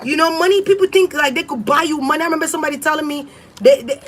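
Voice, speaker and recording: A high-voiced woman reading tarot who rants bluntly and defiantly. She swears freely and laughs between points. Faint noise sits under her voice. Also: rapid-fire, fairly bright tone. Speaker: tarot reader. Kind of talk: casual livestream rant.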